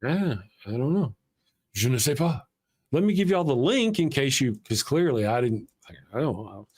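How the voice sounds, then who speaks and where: A man hosting a casual live stream, talking in a loose, rambling way. He is at a middle pitch and reads out viewer messages between asides about losing track of the show. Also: expressive, normal speed, a little mellow. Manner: rambling, self-deprecating, reads viewer super chats aloud. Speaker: co-host of a live atheist talk show.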